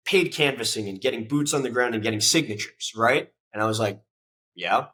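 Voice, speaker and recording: Bright-voiced young man telling a story. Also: mid-range voice, a little fast, poor audio. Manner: animated, acts out quoted dialogue, swears casually. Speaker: podcast guest. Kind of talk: casual storytelling interview.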